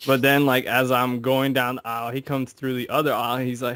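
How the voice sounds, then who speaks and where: A man on a podcast telling stories in a casual, animated way, acting out quotes and swearing freely. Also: medium pitch, fairly quick, smooth, dry recording. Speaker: podcast co-host. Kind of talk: casual chat.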